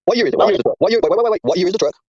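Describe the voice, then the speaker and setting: Fast-talking, preachy man on a livestream. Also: high-pitched, animated, mellow, dry recording. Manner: folksy, preachy, repeats himself. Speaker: livestream host. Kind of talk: casual livestream chat. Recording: muffled lo-fi stream audio.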